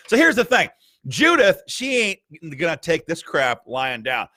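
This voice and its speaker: A man's voice: fairly high pitch, huge pitch swings, a little slow, bright, forceful tone, no room sound. A man hosting a political commentary, reading emails aloud in a combative, sarcastic and mocking way. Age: adult with a school-age child. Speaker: gun rights group host.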